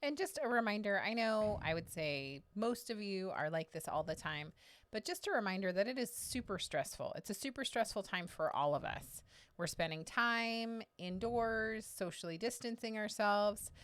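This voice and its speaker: A woman co-hosting a casual live stream, giving gentle, encouraging reminders. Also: medium pitch, expressive, moderate pace, no echo. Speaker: co-host.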